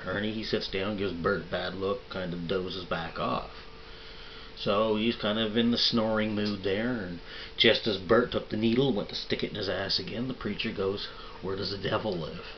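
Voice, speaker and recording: A man's voice: fairly low pitch, fairly even intonation, normal speed, muffled recording, a little hiss or hum. A man casually telling dirty jokes in a rambling, folksy way, swearing freely. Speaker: vlog host telling jokes.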